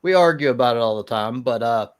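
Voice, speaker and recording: A man in a casual online debate, speaking at an ordinary middle pitch. He stumbles and restarts often, but keeps pressing his point with steady conviction. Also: fast talker, clean tone. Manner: hesitant, many restarts and fillers, laughs at the idea of souls. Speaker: atheist guest in a live-stream debate.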